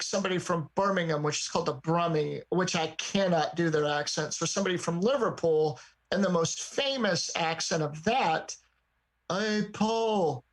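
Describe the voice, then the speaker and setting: A man hosting a casual podcast chat, telling stories in an animated way and swearing now and then. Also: high voice, low-quality recording. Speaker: host.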